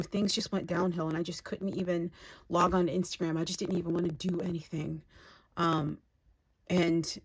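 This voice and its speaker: A woman's voice: on the low side, slightly rough, low-quality recording. A woman craft vlogger chatting casually at home in her craft room, rambling and gushing as she unboxes gifts.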